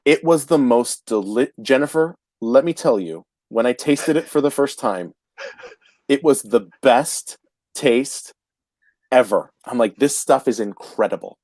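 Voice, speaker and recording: Male host, animated storyteller, dry close sound, natural mid-pitched voice. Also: unhurried, no echo. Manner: animated anecdote teller, chatty with many restarts. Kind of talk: casual storytelling chat.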